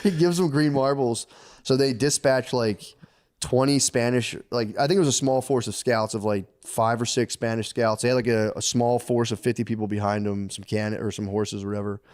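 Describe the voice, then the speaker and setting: A man's voice: steady tone, moderate pace, darkish tone, no echo, clean studio sound. A man co-hosting a comedy podcast, casually retelling history in rambling slang, dropping his voice to act out the people he quotes. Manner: rambling storyteller, slangy, acts out quotes in a lowered voice. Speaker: podcast co-host.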